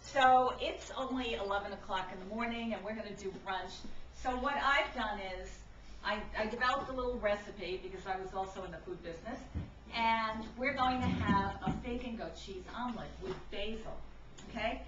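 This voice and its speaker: A woman's voice: mid-range voice, moderate pace, background noise. A middle-aged woman from Brooklyn giving a casual cooking demonstration in her home kitchen, chatty and forever checking in with "okay?". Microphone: camcorder mic from a distance. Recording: echoey, distant, slightly dull camcorder audio.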